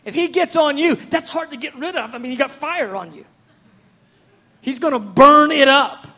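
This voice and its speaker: A man's voice: very high voice, normal speed, pushed and bright. A man preaching a sermon in a fervent, conversational, rambling way.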